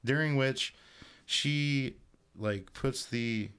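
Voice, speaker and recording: A man's voice: mid-range voice, extremely slow, fairly bright tone, clean tone. A man co-hosting a horror movie podcast, recapping a plot in a loose, profane storytelling way. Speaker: podcast co-host. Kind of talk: casual chat, recapping a film plot.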